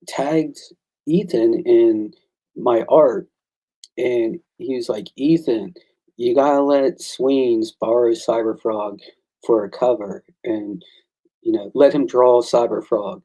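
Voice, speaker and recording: A man who creates and draws comics, chatting casually and excitedly, acting out the conversations he recounts. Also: mid-range voice, slow, low-quality recording. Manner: excitable storyteller, acts out quoted exchanges. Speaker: comic book creator and artist. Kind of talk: casual chat.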